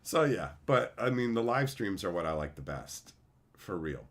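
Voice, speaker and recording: A man chatting casually with viewers on a live stream, profane, animated and openly emotional. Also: on the low side, moderate pace.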